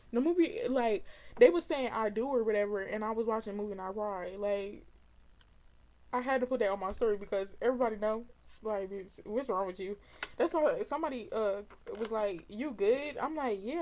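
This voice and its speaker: A woman's voice: fairly high pitch, darkish tone. A woman co-hosting a podcast in casual chat, blunt and joking. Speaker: podcast co-host.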